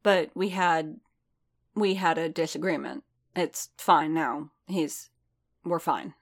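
A woman voicing a weary, guarded male warrior who talks haltingly and corrects himself. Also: low-pitched, heavily acted. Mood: hesitant. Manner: hesitant, halting, self-correcting.

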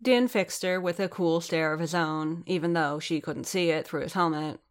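A woman reading a story aloud as narrator, in an even, steady storytelling manner. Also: fairly low pitch, moderate pace, smooth. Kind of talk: fan fiction reading aloud.

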